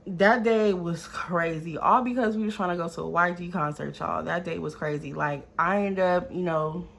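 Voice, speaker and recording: A woman's voice: fairly low pitch, moderate pace, gravelly, a little hiss or hum. Chatty young woman telling a wild storytime. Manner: lively, talks straight to viewers, swears freely. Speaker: vlogger. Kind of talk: casual storytime.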